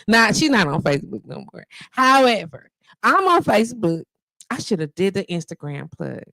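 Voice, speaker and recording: This fifties-aged woman runs a live radio program out of her home studio, talking casually and with emphasis, heavy on slang. Her mid-range voice swings widely in pitch at a normal pace, with vocal fry and a fairly bright tone. Captured dry on a handheld mic, the audio is low quality.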